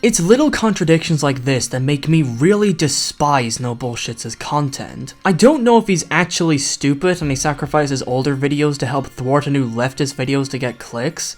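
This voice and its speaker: A young man delivering a scripted video critique, sarcastic and mocking. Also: a little high. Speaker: YouTube critic.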